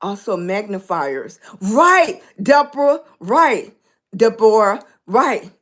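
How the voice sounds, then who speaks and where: A woman's voice: mid-range voice, sing-song, slow pace. An older woman hosting a casual livestream, chatting with her viewers and thanking them by name. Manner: chatty, thanks viewers by name, folksy Southern-style speech. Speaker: livestream host. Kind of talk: casual live-stream chat.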